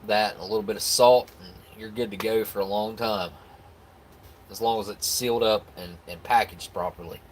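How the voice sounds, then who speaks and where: Easygoing low-voiced live stream host. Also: male voice, steady tone, normal speed, a little hiss or hum. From United States. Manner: rambling, easygoing, with frequent restarts and laughs. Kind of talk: casual chat reacting to viewer comments.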